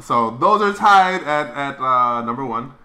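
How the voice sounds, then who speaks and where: A man co-hosting a casual chat, ranking movies, laughing loudly and quick to argue. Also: medium pitch, lively intonation. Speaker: podcast co-host.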